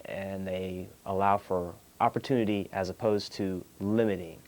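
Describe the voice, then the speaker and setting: A man's voice: deep voice, steady tone, normal speed, a little mellow. A man with a Texan accent hosting a call-in show, talking about spirituality in a meandering way with many fillers and restarts. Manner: clears throat often. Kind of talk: unscripted spiritual talk.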